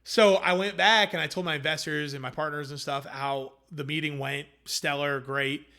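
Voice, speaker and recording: A man's voice: on the high side, normal speed, vocal fry. A man, a food company founder, telling his story in a casual interview and acting out quoted conversations. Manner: animated, acts out quoted dialogue.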